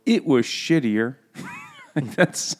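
A man's voice: medium pitch, animated, very slow, darkish tone. A man co-hosting a casual book podcast, rambling and breaking off mid-thought, with laughing asides. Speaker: podcast co-host.

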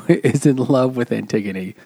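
A man co-hosting a casual book podcast over a video call, recapping the plot with quick asides. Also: medium pitch, gravelly, a little mellow, husky, no room sound, studio quality. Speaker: podcast co-host.

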